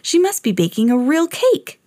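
A woman voicing an excitable young schoolgirl in a read-aloud storybook, with bright, squealing delivery. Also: sits high, moderate pace, dry recording, studio quality, voice pushed up. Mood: excited.

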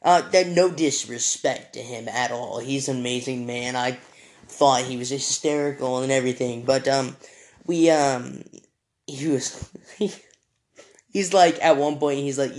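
A man's voice: medium pitch, a little slow, a little mellow. Rambling young man telling a story. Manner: rambling, many fillers and restarts. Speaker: podcast host. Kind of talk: casual storytelling.

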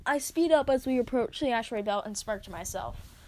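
A woman reading her own story aloud, expressive as she narrates. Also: a little high, fairly quick. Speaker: reader.

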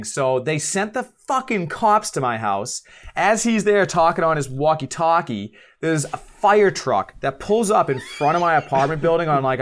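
A man's voice: fairly high pitch, a little hiss or hum. A man in his twenties, a podcast guest, telling a story in casual chat, acting out quotes and laughing at himself. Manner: animated, acts out quotes, swears, laughs at himself.

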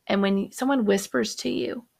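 A woman's voice: medium pitch, fairly even intonation, moderate pace, gravelly, a little mellow. A middle-aged mother talking casually about faith and love as a podcast guest, earnest and affirming. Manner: earnest, affirming with frequent mm-hmms.

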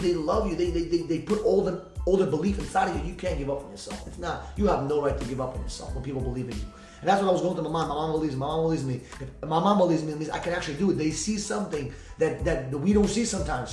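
A man hosting a podcast, speaking fast and heartfelt in an emotional personal monologue, repeating himself and swearing freely. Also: fairly high pitch, a little mellow. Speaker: podcast host. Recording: echoey room with faint music.

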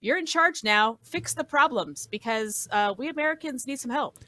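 A woman on a podcast panel speaks in a blunt, sarcastic way. Her voice sounds bright and has a middle pitch. The sound is dry and close. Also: expressive, normal speed, no room sound. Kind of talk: casual chat.

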